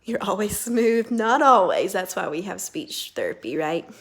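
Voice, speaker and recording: In a mid-range voice with big swings in pitch, a woman speech therapist guides a child through a lesson, talking slowly and deliberately with gentle praise.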